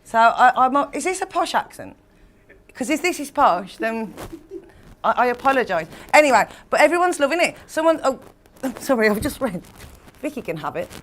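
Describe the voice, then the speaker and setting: A woman with a Black Country accent reads out viewer comments on a live stream. Her voice sits a little high, and she sounds flustered, giggly and apologetic. It is casual chat. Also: sing-song, moderate pace, fairly bright tone, a little hiss or hum. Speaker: co-presenter reading comments.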